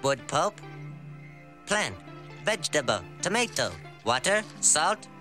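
A man voicing a curious, childlike male robot, listing words slowly one by one. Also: on the high side, big pitch swings, sharp tone, heavily acted. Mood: naming things. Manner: slow halting word-by-word listing. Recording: film clip with music behind.

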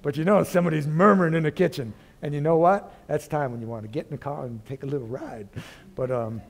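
A male pastor preaching a sermon in a folksy way, calling out to the congregation and swinging from loud declarations to very soft asides. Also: a little high.

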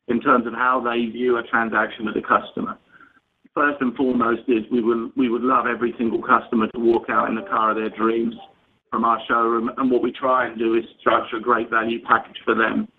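A man, a company executive answering analyst questions on an earnings call in a measured way with many restarts. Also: mid-range voice. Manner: measured, with frequent restarts and fillers. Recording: tinny phone line with faint noise.

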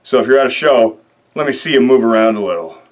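A young man hosting a show, delivering an excitable comedic rant full of rambling fillers. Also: mid-range voice, fast. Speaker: host.

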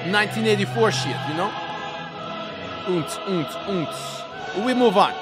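A man's voice: sits high, lively intonation, a little slow, over music. A man voicing a blustering Russian male podcast host who speaks broken English in a put-on Russian accent. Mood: mock-serious. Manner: broken English, bossy, shouting jokes. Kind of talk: comedy podcast sketch.

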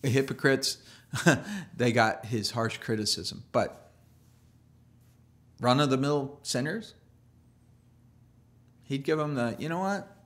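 A man's voice: mid-range voice, slow, long pauses. A man preaching a sermon as a pastor, in a loose conversational way with restarts and playful asides.

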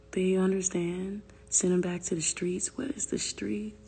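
A woman's voice: on the low side, gravelly, a bit bright, slightly rough, in a large hall. A woman venting on a phone livestream, exasperated and profane, often dropping into whispered asides.

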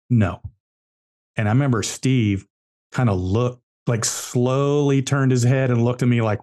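A man's voice: mid-range voice, fairly even intonation, a little fast, a little mellow. A man, an entrepreneur guest on a podcast, telling business stories bluntly and emphatically, repeating key words. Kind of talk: podcast interview storytelling.

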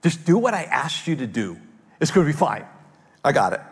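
A man playing a calm, reassuring teacher. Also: on the high side, a little fast, husky, in a large hall.

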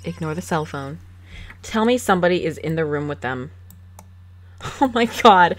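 A woman's voice: low voice, animated, moderate pace, pauses often. Giggly woman narrating a life-sim game. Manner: giggly, chatty, coaxing her game characters. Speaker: let's play host. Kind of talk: casual gameplay commentary. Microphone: desktop USB mic.

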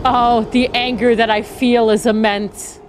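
A young woman giving let's play commentary over a video game, with loud, exasperated reactions and frequent swearing, into a home desk mic. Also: on the high side, little pitch movement, measured pace, background noise. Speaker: gaming video creator. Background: game music.

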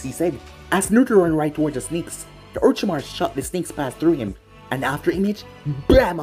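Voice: mid-range voice, darkish tone. A narrator reading a fan-fiction action story aloud, with dramatic storytelling.

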